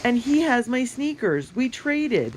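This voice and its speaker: A narrator voicing a dramatic, food-loving young boy who complains loudly. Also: medium pitch, big pitch swings, slow pace, slight background noise, voice pushed up. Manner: loud, whining complaints.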